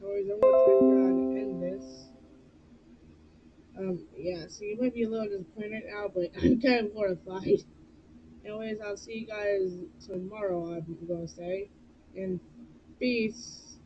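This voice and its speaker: A woman's voice: medium pitch, moderate pace, highs cut off, over music. A woman streaming a video game live, chatting casually and breaking into nervous, jumpy exclamations.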